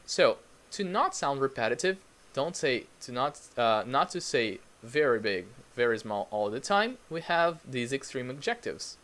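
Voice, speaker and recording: A man leads a live online English lesson, speaking slowly and patiently. His pitch moves a lot as he repeats new words for learners and greets viewers in the chat by name. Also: sing-song, fairly bright tone. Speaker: English teacher.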